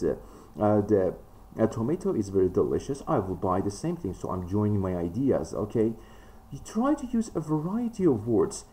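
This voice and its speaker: Low-voiced man teaching with many fillers. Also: warm tone. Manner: frequent fillers, emphatic rises in pitch. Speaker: English test teacher. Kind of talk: spoken lesson.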